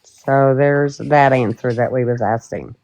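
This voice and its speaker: A woman hosting a live stream, soft-spoken and near tears as she thanks a caller. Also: rumbling low, steady tone, unhurried. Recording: dull lo-fi sound.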